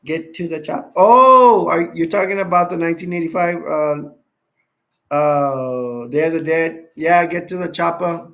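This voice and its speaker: Gravelly playful man chatting on a livestream. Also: a little high, fairly even intonation, normal speed. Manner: rambling, playful, laughs easily. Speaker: livestream host. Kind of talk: casual live stream chat.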